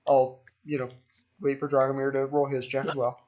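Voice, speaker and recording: A man's voice: medium pitch, flat delivery, a little fast, a little mellow. A man casually explaining things to players as game master. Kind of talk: running a tabletop game. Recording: dull lo-fi mic.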